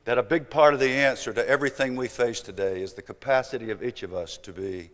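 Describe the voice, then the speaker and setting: A man in his seventies with a Southern US accent, telling an emphatic motivational story that swings from loud to hushed. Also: medium pitch, quick pace. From American South. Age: 70s. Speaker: speaker. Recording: long hall reverb.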